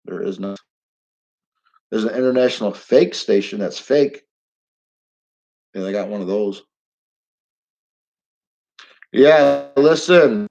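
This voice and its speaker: A man's voice: fairly low pitch, darkish tone, highs cut off. A middle-aged man hosting a casual live stream, talking bluntly and rambling, getting heated and swearing now and then.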